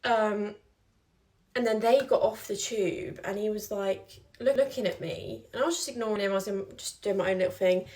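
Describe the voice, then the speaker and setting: A woman's voice: medium pitch, moderate pace, darkish tone. A young woman casually telling a personal story, chatty with lots of filler "like"s. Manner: chatty, many "like"s, acts out quoted lines.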